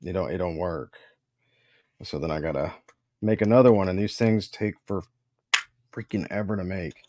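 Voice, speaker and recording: A man's voice: deep voice, normal speed, dark tone, no echo, studio quality. A man chatting casually on a livestream while making parts for a figure, sighing and complaining in a laid-back way. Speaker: co-host of a toy customizing livestream.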